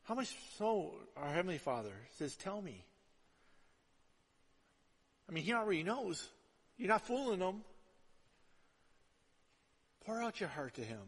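A male pastor preaching a sermon in a conversational way, dropping to hushed asides and rising to loud emphatic lines. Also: high voice, very animated, normal speed, pauses often, husky. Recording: long hall reverb.

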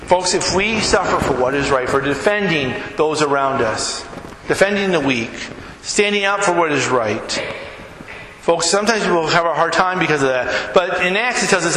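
Brief: male pastor, sermon, bright tense tone, lively storytelling, big reverberant church hall. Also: fairly high pitch, normal speed, slight background noise. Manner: animated storyteller who acts out quotes. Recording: echoey hall, faint ambience.

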